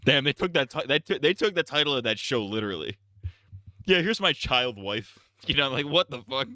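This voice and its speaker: Bright, lively man cracking crude jokes. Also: medium pitch, fast talker, no echo, clean studio sound. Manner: crude, sardonic joking. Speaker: streamer host. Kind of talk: casual stream chat. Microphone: desk mic, close.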